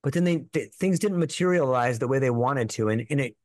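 A man's voice: medium pitch, lively intonation, brisk, dry recording. A man telling a personal story as a podcast guest, in an earnest, rambling way full of filler words.

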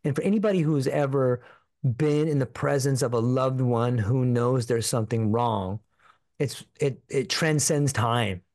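A man's voice: mid-range voice, a little slow, a little mellow, dry recording. A man, a podcast guest, earnestly telling a personal story, swearing freely and repeating himself. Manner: earnest, profane, repetitive, full of fillers.

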